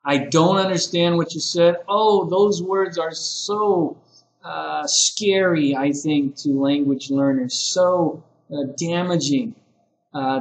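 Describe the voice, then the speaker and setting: A man giving a relaxed lesson to ESL teachers, talking through example phrases with many fillers. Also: a little high, echoey room, poor audio. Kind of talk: casual spoken lesson to camera. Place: classroom with whiteboard.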